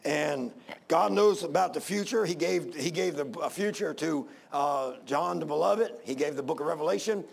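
A man's voice: on the high side, moderate pace, vocal fry, few pauses. A man preaching a sermon in a folksy, rambling way, full of fillers and restarts.

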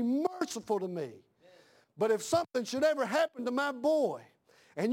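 A middle-aged male pastor preaching a fiery sermon in a church, repeating his lines and rising to shouted emphasis. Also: extremely high pitch, big pitch swings, normal speed.

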